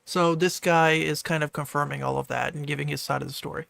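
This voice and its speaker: A man streaming and reacting to a video, with a fairly high, gravelly voice. He talks in a laid-back, offhand way and reads chat messages aloud. The sound is close and dry. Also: steady tone, quick pace, a bit bright, no room sound. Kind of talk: casual live-stream commentary.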